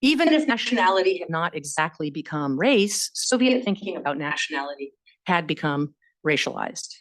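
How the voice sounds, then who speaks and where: A woman with a fairly low voice delivers an academic history lecture. She explains her points in a measured way and fills her pauses with "um" and "you know". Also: sing-song, poor audio. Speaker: history professor giving a lecture.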